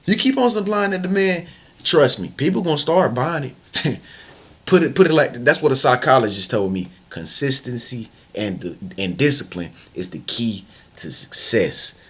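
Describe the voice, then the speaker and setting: A man's voice: medium pitch, expressive, unhurried, a bit bright, husky. Emphatic man repeating himself for effect. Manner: emphatic and repetitive, hammering phrases over and over; casual slangy talk with frequent restarts. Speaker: motivational vlogger. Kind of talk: motivational talk to camera.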